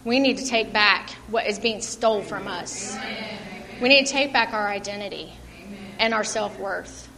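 A woman's voice: on the high side, sharp tone. Earnest woman preaching in a reverberant hall. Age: middle-aged. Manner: earnest, self-deprecating, laughs often. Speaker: lay preacher. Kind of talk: informal church sermon. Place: church hall. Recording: long hall reverb, faint room noise.

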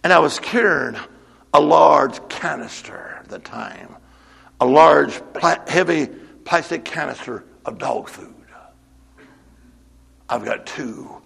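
A man preaching a sermon to his church, moving from quiet storytelling to shouted exhortation. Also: fairly high pitch, expressive, slow, vocal fry, pauses often, breathy edge, long reverb tail. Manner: builds from hushed storytelling to shouted call-and-response exhortation. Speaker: pastor.

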